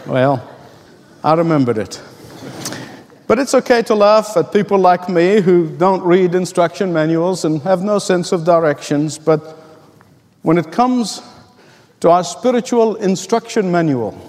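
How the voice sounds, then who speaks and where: A man's voice: sits high, expressive, measured pace, a little mellow. Emphatic man preaching in a reverberant space. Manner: earnest, emphatic, storytelling with rhetorical questions. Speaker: pastor. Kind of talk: sermon.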